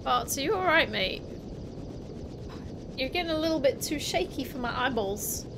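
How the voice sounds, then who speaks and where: A woman's voice: high voice, lively intonation, moderate pace, background noise. A woman commenting casually on a video game she is playing, thinking aloud in a chatty way and swearing playfully. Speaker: gaming YouTuber. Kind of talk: casual let's-play commentary. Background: game music.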